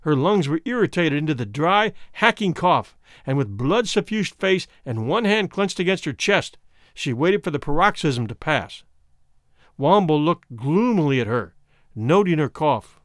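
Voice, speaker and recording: Male narrator, lively delivery, slightly high voice, dry close sound. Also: moderate pace, no room sound. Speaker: audiobook narrator. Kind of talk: scripted narration.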